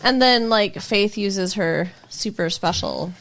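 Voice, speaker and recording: A woman's voice: medium pitch, takes it slowly, a bit bright. Woman chiming in on a podcast. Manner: chiming in with short reactions and additions. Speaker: podcast co-host. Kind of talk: casual chat recapping a TV episode.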